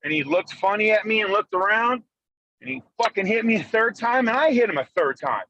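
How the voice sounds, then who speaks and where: High-pitched man swearing through a story. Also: a little fast, highs cut off, a little hiss or hum. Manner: profane, excitable storyteller. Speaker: podcast co-host. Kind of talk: casual storytelling chat. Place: in a car, driving.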